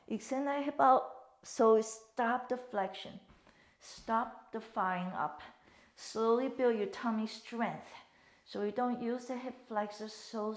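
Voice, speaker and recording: A woman with a non-leads a Pilates class, calling inhales, exhales and counts as she demonstrates. Her voice sits in a middle range. The studio around her adds a noticeable echo. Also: medium pitch. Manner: cueing breath and counts, non-native phrasing. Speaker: Pilates instructor. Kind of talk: guided exercise class instruction. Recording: echoey room.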